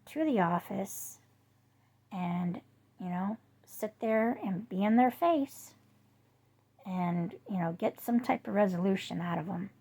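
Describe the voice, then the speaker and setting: A woman, rambling through casual chat to her viewers with lots of fillers, her voice jumping high when she quotes herself. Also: a little mellow. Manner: rambling storyteller with many fillers. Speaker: vlogger.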